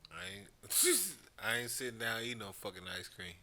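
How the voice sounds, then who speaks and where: A man's voice: mid-range voice, moderate pace, vocal fry. A man co-hosting a podcast, telling stories in a loose, profane way and laughing often. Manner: animated, laughing, profane storytelling. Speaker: podcast co-host. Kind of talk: casual chat.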